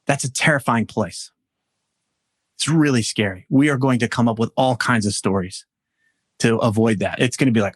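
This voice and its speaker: A man, a men's coach, speaking as a podcast guest in a reflective, storytelling way with halting restarts. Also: medium pitch, no room sound, studio quality. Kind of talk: podcast interview.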